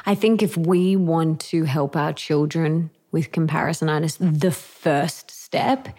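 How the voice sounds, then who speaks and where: A woman author as an interview guest, talking in an earnest, emphatic way. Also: low-pitched. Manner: earnest, emphatic, with lively acted quotes. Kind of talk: conversational interview.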